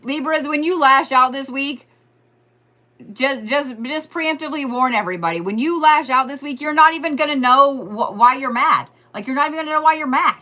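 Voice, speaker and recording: Bright-voiced woman giving a joking astrology reading. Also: sits high, fairly quick. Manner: rambling, joking, swearing, talks straight to listeners. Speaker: astrology and Reiki host.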